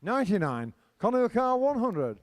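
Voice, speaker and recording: A man calling out darts scores in a drawn-out, sing-song way. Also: very high-pitched, sing-song, no echo.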